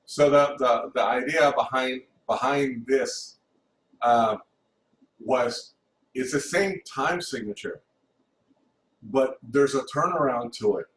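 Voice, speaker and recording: A man teaching music theory in an informal recorded lesson, talking haltingly with many restarts and counting beats aloud. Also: medium pitch, a bit bright. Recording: roomy, distant mic, faint hum.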